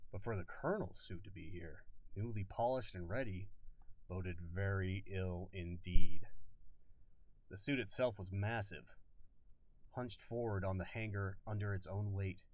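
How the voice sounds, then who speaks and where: A man's voice: low voice, a little slow, darkish tone, no echo, distant mic. A man reading a novel aloud on a live stream, stumbling and rereading lines now and then. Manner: stumbles and rereads, comments on himself.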